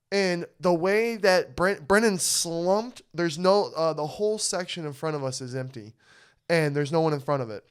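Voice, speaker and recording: Animated, swearing man telling a story. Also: fairly high pitch, clean tone. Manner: animated, swearing, frequent "you know what I mean". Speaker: podcast co-host. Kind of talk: casual storytelling chat.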